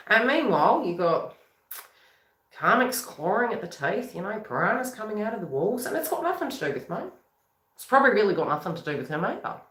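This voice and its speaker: Chatty woman, bright and lively. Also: mid-range voice, echoey room. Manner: rambling and chatty, with quick laughs and acted-out quotes. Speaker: psychic reader and YouTuber. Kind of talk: casual spiritual talk to camera.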